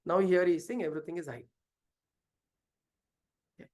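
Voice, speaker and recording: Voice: mid-range voice, brisk, darkish tone. A spiritual teacher explaining a scripture passage through a story, hesitant at times and asking many rhetorical questions. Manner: hesitant, with fillers and restarts. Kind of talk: scripture lesson told as a story.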